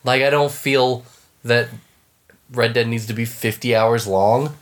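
A man's voice: mid-range voice, fairly even intonation, a little slow. Laid-back man co-hosting a podcast. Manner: laid-back, swears casually, trailing restarts. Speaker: podcast co-host. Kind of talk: casual chat.

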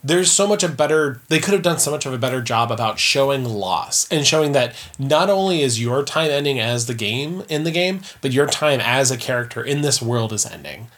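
A young man co-hosting a casual podcast chat, animated and swearing freely, acting out his own reactions as he talks. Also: medium pitch, brisk, hardly any pauses. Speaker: podcast co-host.

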